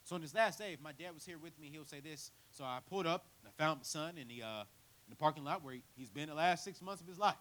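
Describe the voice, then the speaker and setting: A man preaching a sermon in church, telling his own story with big swings from quiet to near shouting. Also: on the high side, quick pace, poor audio. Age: 30s. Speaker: guest preacher. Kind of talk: sermon with personal testimony.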